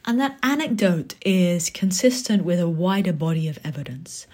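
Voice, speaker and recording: A woman with a fairly low voice talks through a book review. She is thoughtful and conversational, and she drops into soft muttered asides. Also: normal speed.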